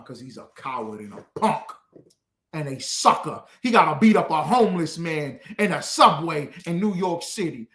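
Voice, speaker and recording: A man preaching fiercely, swinging between shouts and low, muttered lines. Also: reverberant. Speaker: street preacher. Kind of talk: fiery street preaching.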